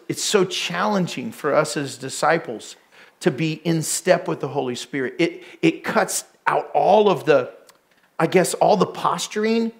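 A middle-aged man, a pastor, preaches a sermon in a slightly high voice, sharing frank, self-deprecating stories punctuated by bursts of laughter.

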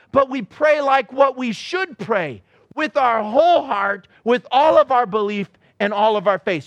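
Man, pastor, sermon, high voice, dry close sound, lively, joking. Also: no room sound. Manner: animated, acts out quotes, joking. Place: church.

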